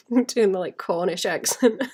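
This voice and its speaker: Woman illustrator, casual drawing-stream chat, mid-pitched, rambling and laughing softly. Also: slow pace, husky. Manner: rambling, thinks aloud, often laughs softly.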